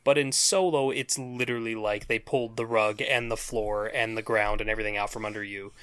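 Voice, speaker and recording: A man co-hosting a podcast, talking in animated long runs full of "like" and "um.". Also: fairly low pitch, brisk, clear, resonant tone. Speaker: podcast co-host. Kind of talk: casual podcast chat.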